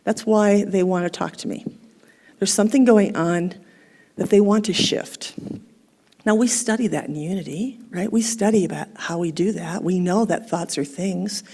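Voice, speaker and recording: A middle-aged woman preaching a conversational sermon at a spiritual center, animated and laughing at herself. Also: fairly low pitch, normal speed. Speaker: guest speaker at a spiritual center.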